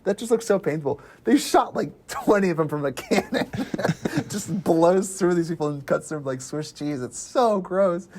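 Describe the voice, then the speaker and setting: A young man hosting a casual movie podcast, talking excitedly with lots of fillers. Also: sits high, normal speed, background noise. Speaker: movie review podcast host.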